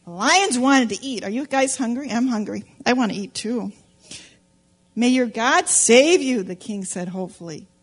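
A woman teaching Sunday school, telling a story to children in an animated, playful way and asking them questions. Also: mid-range voice, a little fast, hardly any pauses, slightly rough. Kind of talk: storytelling demonstration lesson for children. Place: church classroom with children.

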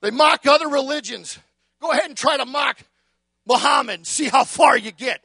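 Male preacher, very high, piercing, hollering a fiery sermon in long emphatic litanies, dry close sound. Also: moderate pace, no echo. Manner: shouting, emphatic, building litanies; repeats words when starting a phrase.

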